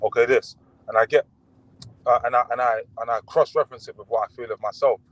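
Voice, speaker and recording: A young man talks over a video call, relaxed and rambling, full of fillers and false starts. His voice sits at a middling pitch in a dry, close recording. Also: fast talker, no room sound, low-quality recording. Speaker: guest boxer.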